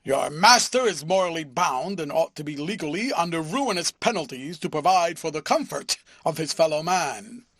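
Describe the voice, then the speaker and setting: A man voicing a loud, overbearing, pompous male philanthropist in an audiobook reading. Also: animated, moderate pace, few pauses, breathy edge, no room sound, studio quality, exaggerated voice. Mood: pompous booming. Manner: booming, ferocious, self-important.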